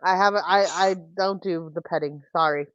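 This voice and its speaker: A woman hosting a livestream, talking in casual chat and telling rambling, animated stories full of restarts. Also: lowish voice, normal speed, smooth, dry recording, dull audio. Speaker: livestream host.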